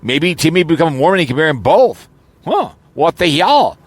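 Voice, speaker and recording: A man's voice: a little high, sing-song, a little fast, no echo. A man rambling casually in an audio vlog, joking around with lots of fillers and false starts, recorded in his car. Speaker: YouTuber.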